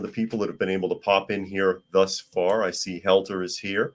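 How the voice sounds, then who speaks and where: A hoarse man hosting a casual news talk podcast, chatty with wry asides. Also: low-pitched, fairly even intonation, a little fast, hardly any pauses. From United States. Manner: chatty, wry asides, talks to his cat. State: hoarse from a cold. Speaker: podcast host.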